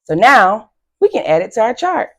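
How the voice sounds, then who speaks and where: A woman teacher giving a phonics lesson to young children, slow and encouraging with frequent praise. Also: on the high side, sing-song, slight background noise.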